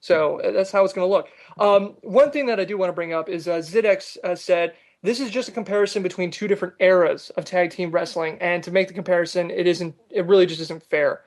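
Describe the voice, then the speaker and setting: A man's voice: sits high, brisk, few pauses. A man hosting a casual wrestling podcast, reading out listener comments with lots of "uh" fillers. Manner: animated, lots of fillers, reads comments aloud.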